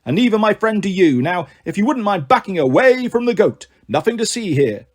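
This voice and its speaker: A man reading aloud, voicing a self-important male goat who speaks in a slow, pompous, intoning way. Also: high voice, sing-song.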